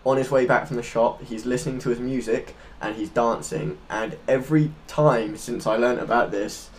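Male co-host, mid-pitched, earnest, loose unscripted storyteller. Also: steady tone, moderate pace. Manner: earnest, loose and rambling, searching for words. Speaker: podcast co-host.

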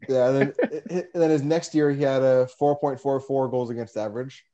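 A man's voice: medium pitch, steady tone, normal speed, warm tone, lo-fi sound. A man co-hosting a casual hockey podcast, chatty and self-deprecating, leaning on "like". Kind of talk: casual chat.

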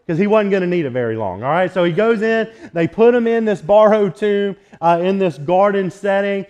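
A man pastor preaching a relaxed, joking sermon in a church sanctuary, telling stories between scripture readings. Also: high-pitched. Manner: casual, conversational, joking storyteller.

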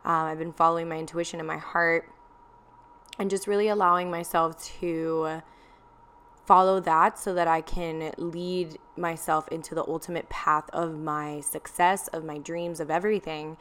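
A woman's voice: low-pitched, little pitch movement, moderate pace, fairly bright tone, clean tone. A young woman telling a candid personal story in a confessional vlog, with plenty of ums and likes.

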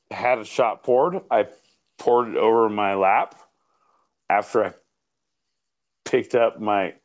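Slow, rowdy, foul-mouthed podcast man. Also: lowish voice. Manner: rowdy, profane, rambling, joking. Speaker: podcast co-host. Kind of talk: casual live podcast banter.

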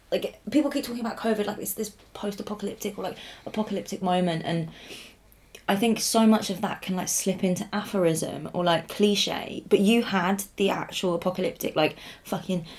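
A woman's voice: lowish voice, darkish tone. Reassuring woman podcast co-host. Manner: reassuring, swears, says "like" a lot. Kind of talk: casual chat.

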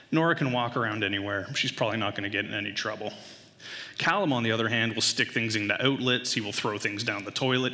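Thirties guy telling a funny dad story, bright punchy voice, big hall echo. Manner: animated, voice jumps high when acting out panic. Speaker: father telling a story to an audience. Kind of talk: humorous personal storytelling.

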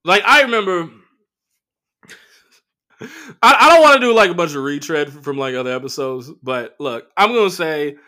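Brief: male comedian host, solo chat, a touch high, bright and punchy, swears freely. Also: moderate pace, long pauses. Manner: profane, animated storytelling with voiced quotes. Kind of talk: casual solo monologue.

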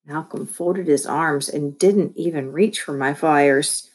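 A woman's voice: low-pitched, a little slow, hardly any pauses, slightly rough. Woman reading a kids' novel aloud. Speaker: audiobook reader.

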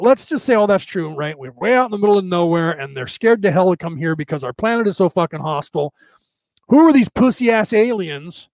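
A man in his fifties in casual chat, rambling and animated with plenty of profanity. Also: high voice, no room sound. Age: 50s.

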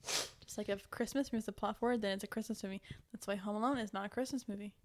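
A woman's voice: medium pitch, fairly even intonation, quick pace. A woman co-hosting a podcast, chatting playfully about books and movies and arguing points with mock logic. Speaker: podcast co-host. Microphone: podcast mic.

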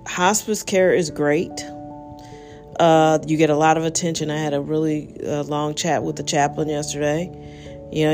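A woman's voice: deep voice, a little mellow. A tired woman hosting her own podcast, talking in a rambling, candid way full of fillers. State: tired, yawning. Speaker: podcast host. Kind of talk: casual monologue.

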